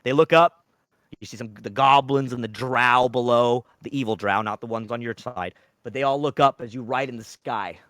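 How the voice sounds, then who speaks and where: Male game master, loose and profane, bright tone, dry close mic, lively pitch swings. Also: moderate pace, no room sound. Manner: swearing, laughing, lively storytelling. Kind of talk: narrating a live tabletop game.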